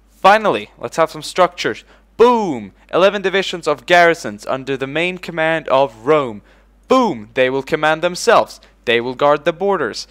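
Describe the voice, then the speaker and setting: A man in the middle of a let's play, chatting loosely over his game. His voice sits at a plain middle pitch. He swears freely, barks orders at his units, and punctuates them with loud "boom"s. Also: moderate pace, few pauses, clear, resonant tone. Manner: excitable, swears casually, shouts "boom" when giving orders; talks to in-game units as if they were his troops. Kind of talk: casual gameplay commentary.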